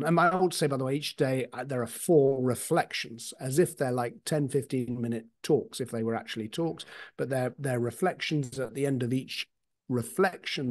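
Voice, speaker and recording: A man speaking as an author guest in an interview, explaining ideas thoughtfully with frequent hesitations and restarts. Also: medium pitch. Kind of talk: reflective explanation. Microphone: video call.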